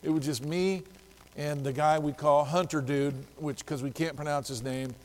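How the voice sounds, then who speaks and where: A male pastor preaching a sermon, telling a story lively and acting out the dialogue. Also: a little high, normal speed, long reverb tail.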